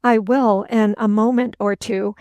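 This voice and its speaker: In a storybook reading, a woman plays an unflappable English gentleman, cool, unperturbed and calmly, mildly mocking with light sarcasm. She speaks slowly and evenly in a somewhat high voice held flat and close to everyday speech, recorded dry and close with no echo.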